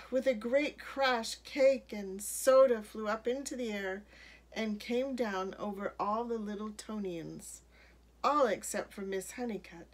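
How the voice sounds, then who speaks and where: Slow, expressive woman reading a storybook. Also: mid-range voice. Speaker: children's book reader. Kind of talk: reading a picture book aloud.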